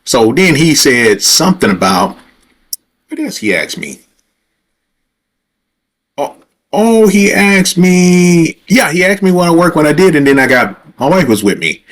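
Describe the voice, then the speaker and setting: A man's voice: medium pitch, animated, moderate pace. A man hosting a livestream, telling a story in a rambling, conversational way straight to his viewers, and growing heated and profane as he retells a confrontation. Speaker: livestream host.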